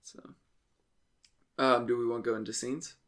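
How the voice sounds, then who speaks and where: A man co-hosting a casual movie-review podcast in a relaxed way, moving the talk along to the next topic. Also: mid-range voice, moderate pace. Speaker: podcast co-host.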